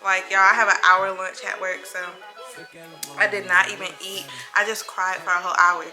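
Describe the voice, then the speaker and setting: A young woman recounts a personal story for her vlog, with a bright, forceful tone. She tells it dramatically and acts out the voices of the people in it. Soft music plays faintly behind her. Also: mid-range voice, normal speed, low-quality recording. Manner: animated, dramatic retelling that acts out quoted voices. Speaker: vlogger.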